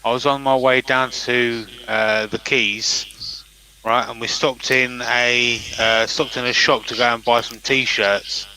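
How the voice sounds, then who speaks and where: English man, bright voice, middle pitch, relaxed storyteller, casual live chat. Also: slow pace, rough recording. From England. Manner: relaxed storyteller with filler ums and ahs.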